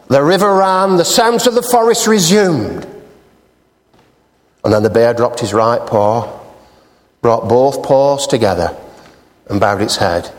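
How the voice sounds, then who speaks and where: A man's voice: medium pitch, sing-song, unhurried, long pauses, a little hiss or hum. Playful man preaching in a reverberant hall. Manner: playful, teasing the congregation. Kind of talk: sermon with a told joke.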